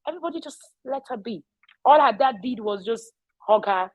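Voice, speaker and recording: A woman's voice: a little high, animated, fairly quick, lo-fi sound. A middle-aged woman, speaking casually to parents. She is emphatic, repeats key phrases and often checks in with "all right?". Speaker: parenting educator.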